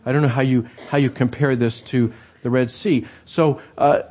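A male pastor giving a conversational sermon, halting often with fillers and restarts. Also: mid-range voice, steady tone, darkish tone.

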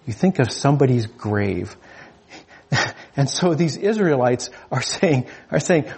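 A man's voice: a little high, expressive, a little slow, darkish tone, slightly rough. A man preaching a sermon in a conversational, humorous way, often restarting his phrases.

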